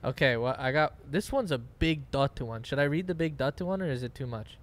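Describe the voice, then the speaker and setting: A man's voice: medium pitch, expressive, fairly quick. A young man co-hosting a casual chat podcast, teasing his co-host and reading listener reviews aloud.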